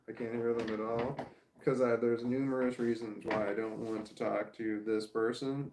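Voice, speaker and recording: A man's voice: lowish voice, a little mellow, roomy sound. A man talking to his camera in a casual vlog monologue, rambling and repeating himself, swearing when annoyed. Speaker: vlogger. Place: at home.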